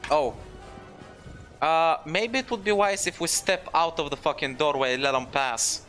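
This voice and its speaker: A man's voice: on the high side, moderate pace, a bit bright, faint music behind. A man playing in a tabletop role-playing game, casual and swearing freely as he plans his character's moves. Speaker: player.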